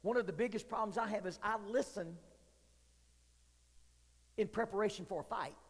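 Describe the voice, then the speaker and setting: High-voiced youth pastor preaching. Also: male voice, moderate pace, husky. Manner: joking, confessional preaching. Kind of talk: sermon. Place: church hall. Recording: long hall reverb.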